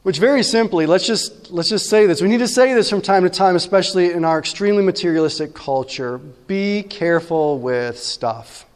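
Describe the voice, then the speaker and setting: A man's voice: high-pitched, quick pace, few pauses, big-room sound. A man preaching a sermon as pastor, talking conversationally and often asking his listeners "right?".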